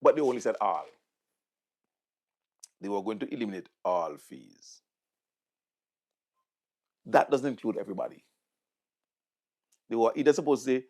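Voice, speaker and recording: A middle-aged host from St Vincent and the Grenadines delivers political commentary in a Vincentian accent, mocking and sarcastic, repeating words for emphasis. His medium-pitched voice is animated and a little mellow, moving at a moderate pace with frequent pauses.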